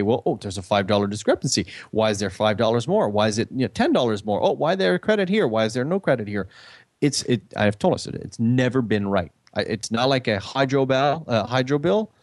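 Animated storytelling man, dry sound. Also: fairly low pitch, dry recording. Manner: animated, acts out quoted dialogue. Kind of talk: casual chat, storytelling rant.

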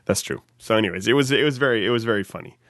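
A man's voice: fairly low pitch, racing, a bit bright, no echo, clean studio sound. A man in a casual chat, teasing his co-host and prompting him with questions.

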